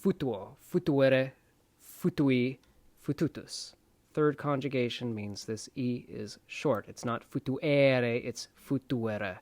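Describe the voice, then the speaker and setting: Male presenter, slow and unhurried, dry close sound, chatty lesson delivery. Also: mid-range voice, darkish tone, no room sound. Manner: chatty and playful, repeating words slowly for pronunciation. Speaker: self-taught Latin presenter. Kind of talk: casual explanatory lesson.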